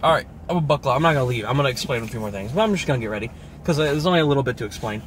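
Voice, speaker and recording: A young man reviewing a film in casual chat from his car, excitable and swearing as he acts out scenes. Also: mid-range voice, racing, a little hiss or hum. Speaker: movie reviewer. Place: parked car.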